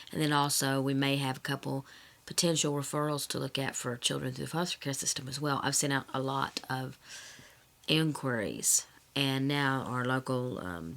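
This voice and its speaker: A woman talking candidly to camera in a personal vlog, rambling and correcting herself, with a slight cough and throat-clearing. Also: very deep voice, a bit bright. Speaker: vlogger.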